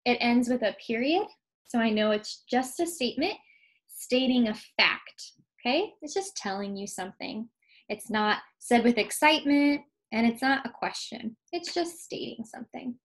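Patient teacher woman, higher voice. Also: expressive, rough recording. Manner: patient, clear, slows to stress key words. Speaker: second grade teacher. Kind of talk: recorded classroom lesson.

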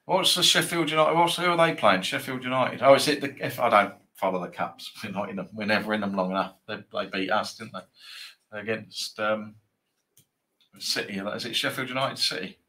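A man's voice: on the low side, normal speed, fairly bright tone. A man hosting a live football trading stream, chatting casually and bantering with viewers in a rambling way.

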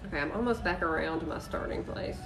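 A woman's voice: low voice, fast talker, distant mic, background noise. A woman hosting a chatty live-stream crafting demo, bubbly and full of "y'all". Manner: bubbly, says "y'all" and "freaking" a lot. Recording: voice a bit off-mic, faint music behind.

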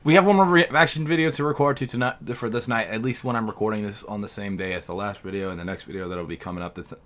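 A man's voice: fairly low pitch, fast, a bit bright. A man hosting a reaction video, chatting casually and laughing between his remarks. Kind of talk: casual commentary.

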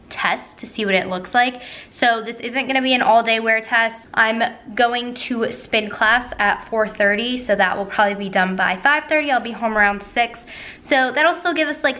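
A woman's voice: medium pitch, bright, forceful tone. A woman beauty vlogger doing casual check-ins at home, chatty and upbeat, with lots of "like" fillers. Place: at home by large glass doors.

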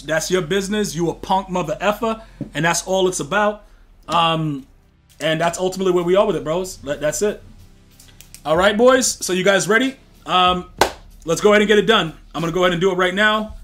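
Brief: young male streamer, AAVE style, high bright voice, rowdy and profane, faint game music behind. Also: moderate pace. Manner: loud, profane, excitable trash talk. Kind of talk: casual live-stream chat with viewers.

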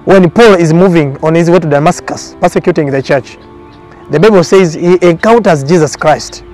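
A man with a slightly higher voice gives his testimony in a documentary interview. He speaks earnestly, in a repetitive preaching cadence. Soft music plays faintly underneath. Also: moderate pace. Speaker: prophet.

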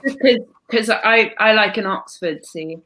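A woman's voice: medium pitch, measured pace, bright, forceful tone, slight background noise. Chatty woman with a slight Welsh lilt. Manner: chatty, self-deprecating, trails off and restarts. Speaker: co-host. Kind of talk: casual chat.

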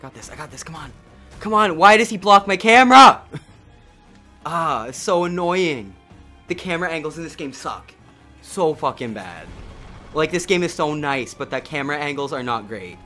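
A man doing gameplay commentary, getting excited, cursing and muttering to himself as he plays. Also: fairly high pitch, normal speed, soft background music. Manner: excitable, swears a lot, mutters to himself, yells at the game. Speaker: let's play gamer.

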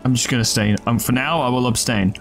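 A man's voice: medium pitch, fast talker, creaky. A man hosting a let's play, joking and laughing often as he reads the game text aloud. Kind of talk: gameplay commentary and reading game text aloud. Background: game music.

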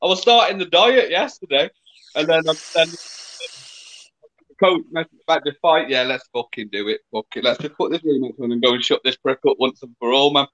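A man's voice: on the high side, normal speed, a bit bright. A man who boxes, talking in a plain, laid-back way in a casual chat. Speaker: boxer. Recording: dull lo-fi sound.

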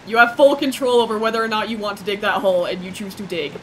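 A young woman streaming a game, chatting playfully with her viewers and squealing when excited. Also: mid-range voice, fast, slight background noise. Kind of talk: casual gameplay commentary.

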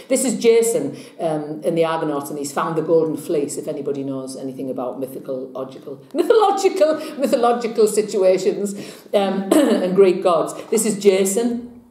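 A woman's voice: low-pitched, mellow, roomy sound. A woman with a chatty, rambling manner, reading tarot cards and telling jokes in a casual vlog. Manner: chatty, rambling, laughing at herself. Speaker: tarot reader and vlogger.

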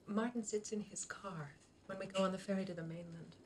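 An actress playing the police chief's polite wife in a film, speaking softly. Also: female voice, medium pitch, fairly even intonation, a little fast, a little hiss or hum, close to an everyday voice.

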